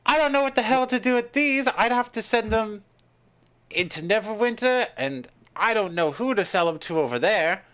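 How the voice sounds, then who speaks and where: A man's voice: moderate pace, clear, resonant tone. A man doing a flustered shopkeeper woman. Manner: put-on accent, high and lively. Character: female trading-post shopkeeper, flustered, blunt.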